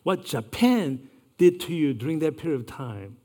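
Man, sixties, earnest storyteller, slightly high voice, measured delivery. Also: lively intonation, a little mellow. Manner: earnest, measured recounting with occasional restarts. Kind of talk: personal storytelling.

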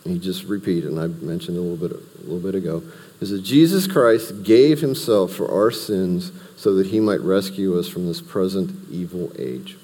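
A man's voice: low voice, moderate pace, warm tone, in a large hall. A man teaching a Bible study, talking through the text verse by verse in a conversational way with asides and restarts.

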